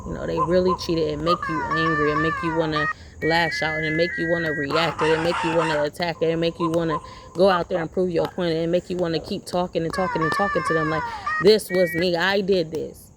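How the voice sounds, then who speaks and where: A woman's voice: low-pitched, level tone, fast talker, very noisy. A woman vlogger giving a rambling, preachy motivational talk, repeating her points as she goes. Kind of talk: casual motivational monologue.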